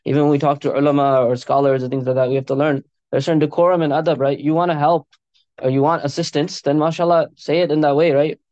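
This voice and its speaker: A man's voice: a little high, flat delivery, fast, a little mellow, no echo, muffled recording. A man preaching an informal sermon, telling stories in a conversational way and often tagging lines with "right?" and Arabic phrases. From America.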